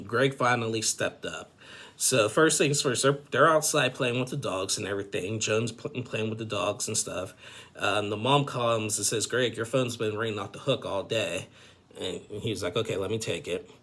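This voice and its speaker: Guy with a gravelly husky voice doing a rambly tv recap, says "and everything" a lot. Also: on the low side, fairly bright tone. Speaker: reality TV recap vlogger. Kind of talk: casual episode recap.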